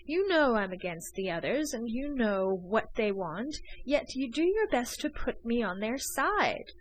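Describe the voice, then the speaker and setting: A woman reading an audiobook voices an excitable young male gentleman smuggler, talking urgently. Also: a little high, unhurried, dry recording, rough recording. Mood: pleading. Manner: urgent, pleading.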